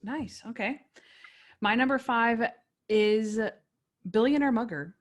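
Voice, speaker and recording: A woman's voice: a little high, takes it slowly. A woman hosting a podcast, chatting enthusiastically and acting out quoted lines. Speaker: podcast host. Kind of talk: casual podcast chat.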